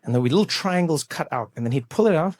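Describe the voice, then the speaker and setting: A stand-up comedian with a notably high voice tells a story on a live stage. His delivery is animated and breaks into sudden loud bursts. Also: fast, no echo, studio quality.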